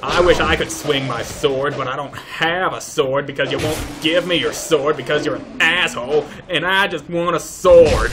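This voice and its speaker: Young man, gameplay commentary, mock-pompous, slow delivery, noisy home recording. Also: fairly high pitch. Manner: mock-pompous, shouts insults at enemies. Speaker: gaming YouTuber. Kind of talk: let's play commentary.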